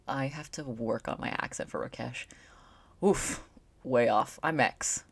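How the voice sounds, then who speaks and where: A woman's voice: rumbling low, measured pace, gravelly, breathy edge. A young woman streamer reading a visual novel aloud, chatting in playful asides.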